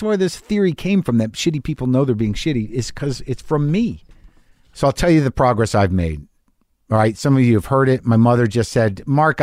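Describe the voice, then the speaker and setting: A man's voice: a little high, darkish tone, no echo, studio quality. A man in his fifties hosting a podcast, talking through a candid, rambling, self-deprecating solo monologue with a lot of swearing. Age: 50s. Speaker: podcast host.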